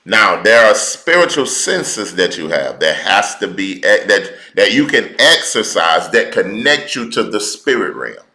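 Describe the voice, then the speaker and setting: A man preaching a teaching sermon, slow and deliberate, repeating key words for emphasis in informal, colloquial speech. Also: lowish voice, sing-song, pushed and bright, reverberant, rough recording.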